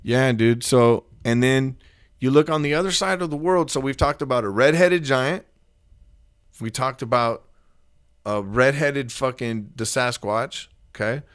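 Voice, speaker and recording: A man's voice: mid-range voice, measured pace, clean tone, no room sound. A man co-hosting a casual podcast, telling stories in a profane, slangy way and acting out the quotes. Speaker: podcast co-host. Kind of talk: casual storytelling chat.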